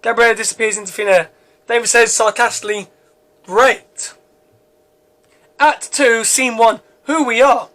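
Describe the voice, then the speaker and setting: A man's voice: very high voice, steady tone, fairly quick, fairly bright tone. A man reading aloud his own script as narrator, with frequent stumbles and restarts. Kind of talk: script read-through narration.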